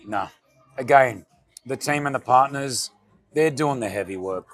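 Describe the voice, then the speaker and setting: This energetic Aussie, a radio host who owns a restaurant, speaks a little slowly in a mid-range voice during a casual interview at a restaurant comedy club. Soft music plays as he tells stories, acting out what people said.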